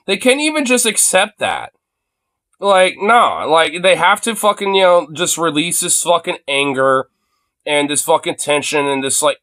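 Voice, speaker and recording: A man's voice: mid-range voice, bright, forceful tone. A man ranting casually on a live stream into a phone, rambling with lots of fillers and swearing.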